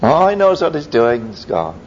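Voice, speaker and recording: A man preaching a sermon, telling stories in a lively way with sudden high exclamations. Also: normal speed. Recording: dull lo-fi recording with faint rumble.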